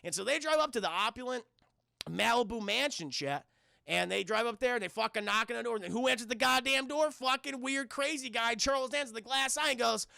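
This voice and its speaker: A man's voice: extremely high pitch, fairly quick, gravelly, sharp tone, no echo. A man casually retelling a film on a live stream, rambling, swearing and talking to his chat. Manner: rambling, profane, talks to chat.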